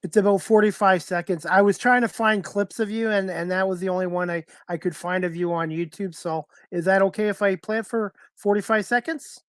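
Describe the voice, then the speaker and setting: A man hosting a live-streamed sports talk show, asking polite, halting questions. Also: high-pitched, fairly even intonation, dry recording, clean studio sound.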